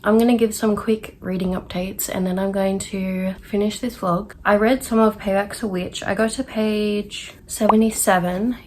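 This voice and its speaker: A woman talks casually to camera about what she has been reading, upbeat and a little rambling. Her pitch sits in a middle range. A faint hiss of noise runs under the recording. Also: fairly even intonation, moderate pace, hardly any pauses. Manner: chatty, enthusiastic, rambling. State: a bit out of breath. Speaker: vlogger. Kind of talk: casual chat.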